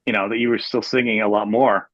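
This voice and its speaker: A man's voice: on the low side, level tone, fast, dry recording, muffled recording. A man hosting an interview, chatting casually, joking and affirming his guest. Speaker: podcast host.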